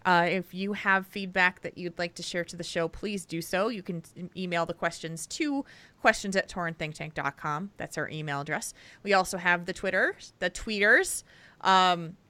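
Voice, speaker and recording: Bright, crisp-voiced woman podcast host. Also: fairly low pitch, normal speed. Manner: chatty, laughs often, trails off with fillers. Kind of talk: casual podcast chat.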